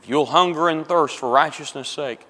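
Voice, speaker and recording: A man's voice: on the high side, a little fast, pushed and bright. A man preaching a sermon to his congregation, emphatic and repetitive, calling them folks and brethren. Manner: emphatic, repeats phrases for stress, addresses congregation as folks. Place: church auditorium. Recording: long reverb of a church hall.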